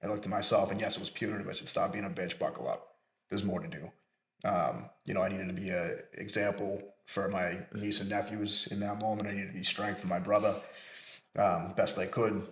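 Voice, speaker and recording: Man, podcast co-host, candid storytelling, swears freely, lowish voice, echoey room. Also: flat delivery, brisk, a bit bright. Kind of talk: casual chat.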